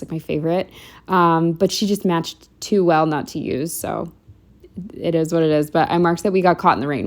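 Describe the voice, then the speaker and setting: A woman's voice: fairly low pitch, a little mellow. A woman narrating a casual planner walkthrough at home, chatty and rambling with lots of "like" and "um". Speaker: planner vlogger.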